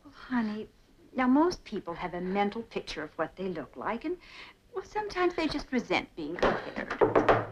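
An actress playing a gentle, tactful middle-aged mother with soothing, wry replies, in 1950s sitcom style. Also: medium pitch, big pitch swings, normal speed, close to an everyday voice. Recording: dull, hissy old TV soundtrack.

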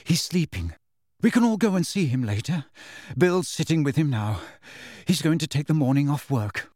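A man reading aloud, voicing a tired, grateful middle-aged mother who speaks weakly and softly. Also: fairly high pitch, big pitch swings, moderate pace, no echo, clean studio sound. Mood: relieved. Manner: weak, tired and soft-spoken.

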